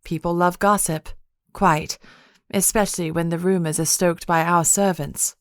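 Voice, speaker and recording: Woman playing a genteel countess, formal and refined, lowish dry voice. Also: fairly even intonation, moderate pace, dry recording, lightly acted. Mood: gracious. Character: Victoria, gracious proper countess, adult woman.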